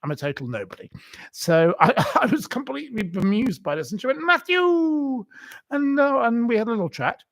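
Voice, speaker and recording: A man's voice: sits high, sing-song, brisk, gravelly, dry recording. Guy ranting on his own show, big indignant swoops, dry close mic. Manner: theatrical, indignant, swooping exaggerated emphasis. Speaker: commentary channel host. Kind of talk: opinionated monologue.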